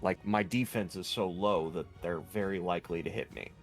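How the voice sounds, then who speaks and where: A man's voice: low-pitched, normal speed, soft background music. A man playing a tabletop game, hesitant and thinking aloud about his moves. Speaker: player.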